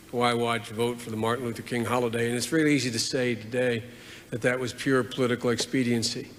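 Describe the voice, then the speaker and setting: A man's voice: mid-range voice, a bit bright. A man in his sixties delivering a formal eulogy as a senator, earnest and building his points with repeated phrases. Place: large funeral hall. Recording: long hall reverb, faint noise.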